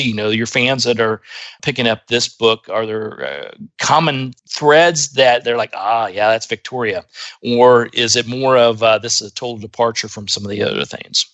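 Male host from the United States, mid pitch, loose and rambling, bright tone. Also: no echo. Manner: rambling, with many fillers and laughs. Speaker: interview host. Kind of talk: casual interview chat.

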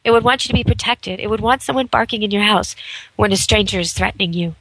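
A woman's voice: medium pitch, fast, fairly bright tone, no echo, rough recording. A woman hosting a radio talk show, giving earnest, persuasive advice in long flowing runs.

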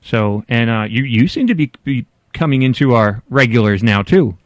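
A man's voice: mid-range voice, animated, normal speed, no room sound. Chatty male radio host. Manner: chatty, laughs easily. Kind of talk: casual radio chat.

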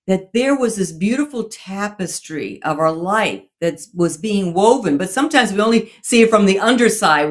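Guest author, woman, reflective and faith-centered, slightly low voice. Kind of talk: casual chat.

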